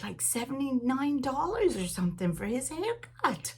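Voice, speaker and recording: A woman hosting a knitting podcast in a rambling, chatty way, with frequent laughs and animated asides. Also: sits high, moderate pace, gravelly, breathy edge.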